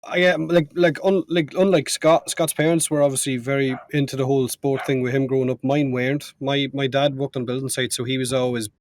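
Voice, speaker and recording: A man's voice: medium pitch, level tone, no echo. A man with an Irish accent telling stories and joking in a casual podcast chat among friends. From Ireland. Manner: storytelling, joking, quick asides. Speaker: podcast co-host.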